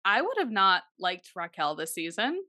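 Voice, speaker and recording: A woman co-hosting a podcast in casual chat, animated and swearing freely as she acts out quotes. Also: medium pitch, moderate pace, no echo, studio quality. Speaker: podcast co-host.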